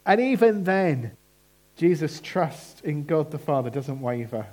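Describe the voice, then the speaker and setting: A man preaching a sermon in a church, earnest and emphatic, slowing down on key phrases. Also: on the high side, big pitch swings, dark tone.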